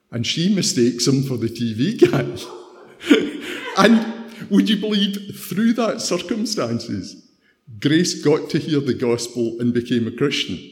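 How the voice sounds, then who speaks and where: Gravelly Scottish man, chatty devotional talk. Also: medium pitch, darkish tone. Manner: chatty, anecdotal, tags "right?". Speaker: preacher.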